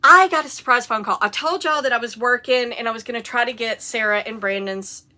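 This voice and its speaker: A middle-aged woman, hosting a casual knitting podcast and telling animated stories, with the occasional cough and hiccup. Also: a little high, brisk. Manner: chatty, animated storytelling with rising excitement. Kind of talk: casual chat.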